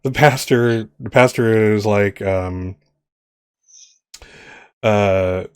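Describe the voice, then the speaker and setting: A man's voice: fairly low pitch, extremely slow, pauses often, clean tone, no room sound, studio quality. An older man narrating as game master, rambling with many fillers.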